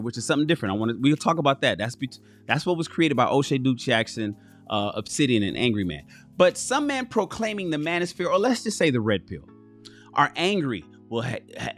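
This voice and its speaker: A man's voice: mid-range voice, fairly bright tone. A man hosting a livestream, giving casual commentary, swearing freely and talking straight to his chat. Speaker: livestream host.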